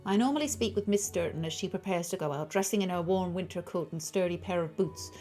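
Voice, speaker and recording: A woman reading the lines of a sturdy male tutor in his thirties, giving measured, formal testimony with a loose, uncertain try at an Irish-tinged accent. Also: fairly low pitch, warm tone, faint music behind, lightly acted. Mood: earnest, formal. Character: powerfully built male tutor in his thirties, calm witness.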